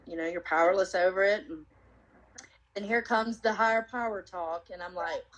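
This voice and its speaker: A woman sharing her personal testimony in an interview, telling her story earnestly and reflectively, with many pauses and fillers. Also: on the low side, highs cut off.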